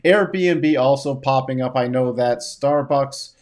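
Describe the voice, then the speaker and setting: A man's voice: mid-range voice, slow pace, a little mellow. A man hosting a casual stock market show, chatting in an easygoing, joking way.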